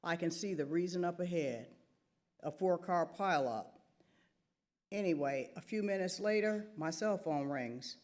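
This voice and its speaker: A woman's voice: fairly low pitch, unhurried, a little mellow. A woman author reading her own first-person novel aloud at a theater event, wry and conversational.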